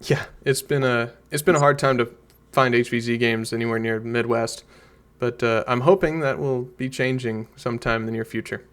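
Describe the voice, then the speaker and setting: Casting: relaxed male meeting host, mid-range voice, encouraging and informal. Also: medium pitch, a little fast. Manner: friendly, easygoing, encouraging. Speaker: game organizer hosting an online meeting. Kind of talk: casual meeting talk.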